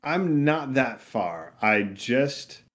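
A man in casual podcast chat, speaking in a measured, agreeable way. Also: medium pitch, big pitch swings, a bit bright.

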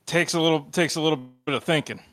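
A man's voice: a little high, fast, fairly bright tone. A man in casual podcast chat, teasing and opinionated, cracking jokes.

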